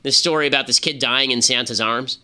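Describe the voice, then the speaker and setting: A man hosting a political podcast, talking fast and opinionated with frequent restarts. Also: medium pitch, steady tone, bright, forceful tone, clear, resonant tone. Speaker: podcast host. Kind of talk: political commentary.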